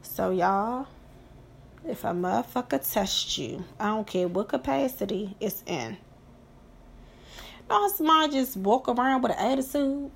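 A woman talking casually on her podcast. She speaks slowly, with a gravelly fry in her voice. She is profane and emphatic and drives her points home by repeating them. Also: on the high side, expressive. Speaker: podcast host. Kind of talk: casual monologue.

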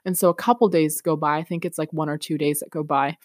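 A woman's voice: deep voice, steady tone, fast, darkish tone, no room sound, clean studio sound. A woman hosting a podcast, telling a personal story in a candid, reflective, chatty way and turning it into motivational encouragement. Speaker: podcast host.

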